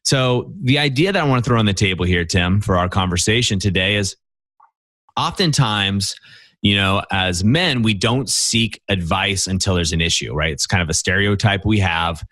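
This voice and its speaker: Hosting a men's coaching podcast, a man with a fairly low, fairly bright voice speaks at a moderate pace in conversational coaching talk. He tells stories emphatically, leaning on "you know" and "right?", and the recording is dry.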